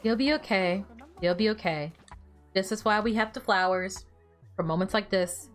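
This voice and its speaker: A woman's voice: medium pitch, normal speed, soft background music. A young woman streaming a game and chatting casually, teasing the characters on screen and laughing often. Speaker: gaming streamer. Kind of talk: casual gameplay livestream chat.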